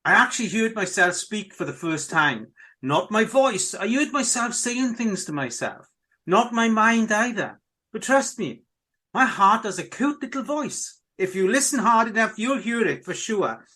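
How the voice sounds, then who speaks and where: Animated high-voiced middle-aged man host. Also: a little slow, husky. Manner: enthusiastic, rambling, repeats himself. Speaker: podcast host. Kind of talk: casual monologue to listeners.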